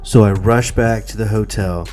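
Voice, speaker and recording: A man with a fairly low, mellow voice tells a comic story from his own life. He rambles and swears freely, tripping over restarts and fillers as he goes. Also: fairly even intonation, normal speed, faint music behind. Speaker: podcast host.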